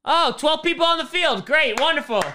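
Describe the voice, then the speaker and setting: A man reacting live to a football game, swinging from shouted cheers to deflated groans. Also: extremely high pitch, normal speed, a little hiss or hum. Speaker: sports fan vlogger reacting live.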